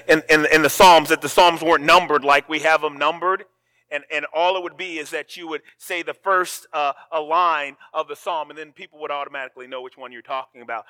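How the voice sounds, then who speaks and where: A man preaching a sermon, swinging from hushed words to loud cries and often repeating himself. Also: on the high side, normal speed, no echo. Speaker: pastor.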